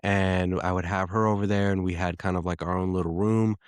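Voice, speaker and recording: A man in his thirties talks through a personal story as a podcast host, pausing and restarting often as he reflects. His voice sits very low. The sound is dry and close, with no room around it. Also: little pitch movement, clear, resonant tone, dry recording. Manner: reflective, halting, with frequent restarts.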